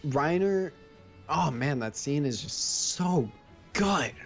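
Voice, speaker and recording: A man's voice: a little high, expressive, takes it slowly, soft background music. A young man guest in a casual chat, earnest and enthusiastic. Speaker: guest youtuber.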